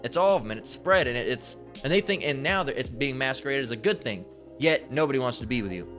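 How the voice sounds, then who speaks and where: Man, street preacher, profane Bible rant, mid-pitched voice, stammering restarts, keeps tagging "right?", soft music behind. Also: expressive, fast talker.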